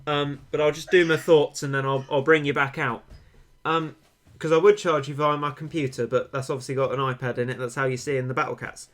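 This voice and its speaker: A man's voice: mid-range voice, fairly even intonation, a little fast, a bit bright. Chatty young British man streaming a game. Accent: British English. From Britain. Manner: chatty, rambling, hesitant with many ums. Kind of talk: casual gaming stream chat.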